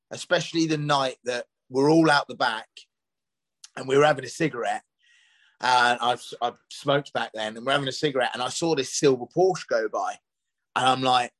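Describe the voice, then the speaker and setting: Speaking at an ordinary pitch, this middle-aged chef and restaurateur rambles through his past as a podcast guest, circling back with restarts and "you know" fillers in a casual storytelling interview. The audio is dry, close and slightly bright, with no echo or room sound, and the recording is rough.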